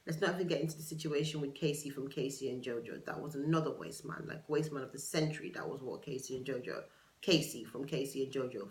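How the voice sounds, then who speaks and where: Chatty woman in an echoey room. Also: extremely low pitch. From United Kingdom. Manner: chatty, digressive, gossipy, with dramatic asides. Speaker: podcast host. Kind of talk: casual solo podcast chat. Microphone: camera for a video podcast.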